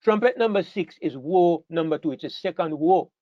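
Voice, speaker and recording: A man with a fairly high voice leads a Bible study class, pressing his points by repeating key words and stopping to ask whether the room follows him. The recording is dull and lo-fi, with a dry sound close to the voice. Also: normal speed, no echo.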